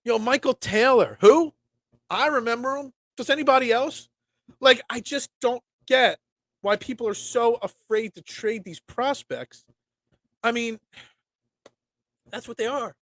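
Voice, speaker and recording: A young man hosting a casual solo sports talk show, rambling and animated with lots of restarts. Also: sits high, dry recording.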